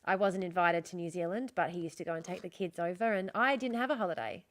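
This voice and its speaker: A woman's voice: lowish voice, fast talker. An Australian woman hosting a livestream, frankly retelling a personal story in long run-on sentences and repeating herself for emphasis. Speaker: streamer host.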